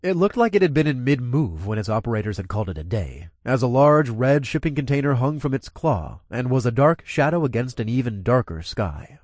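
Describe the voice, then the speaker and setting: A man's voice: mid-range voice, sing-song, brisk, few pauses, darkish tone, no echo, studio quality. A man narrating a first-person story in a casual manner with crude asides.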